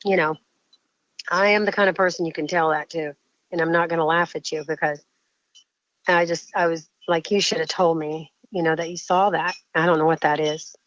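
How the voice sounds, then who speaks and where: A woman's voice: low voice, fairly even intonation, fairly bright tone, no room sound. Shaken woman caller, dull audio. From Indiana. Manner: shaken, halting, restarts mid-sentence. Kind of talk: telling a personal encounter story.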